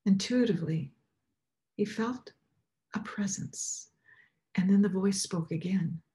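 A woman preacher tells a story as part of a sermon, reading with expressive shading. Her voice sinks at times to a near whisper. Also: mid-range voice, normal speed.

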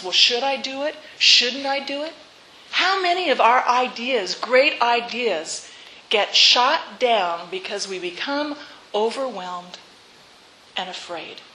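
A woman pastor delivers a sermon at a slow, deliberate pace, her voice bright and a little high. She weaves in a story, poses reflective questions and has the congregation repeat words back to her. The church room gives her voice a roomy echo. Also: a little hiss or hum. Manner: leads congregation in call-and-response repetition. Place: church sanctuary.

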